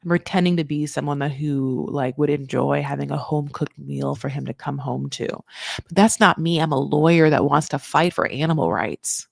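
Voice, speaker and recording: A woman hosting a comedic recap, chatty and animated, laughing often and acting out quotes. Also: sits low, moderate pace, vocal fry, no echo, clean studio sound. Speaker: comedic recap podcast host.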